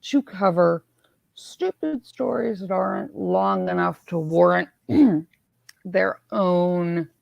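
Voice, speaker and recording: A woman hosting a casual live stream, hoarse from swelling in her neck, who chats in a self-mocking way and reads viewer comments aloud. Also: lowish voice, slow pace, a little mellow, no echo, dull audio. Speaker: livestream host.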